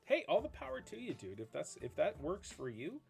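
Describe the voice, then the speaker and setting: A man's voice: on the high side, huge pitch swings, brisk, vocal fry, faint music behind. A man streaming a game, chatting casually with his viewers, enthusiastic and rambling, reading their questions aloud. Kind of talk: casual chat with live viewers while gaming.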